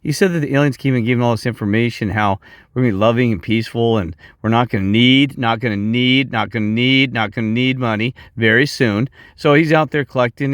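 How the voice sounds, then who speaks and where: Middle-aged male vlogger, low voice, heated and digressive, dry close sound. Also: a bit bright, dry recording. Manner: heated, digressive, many restarts. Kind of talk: rambling off-the-cuff monologue.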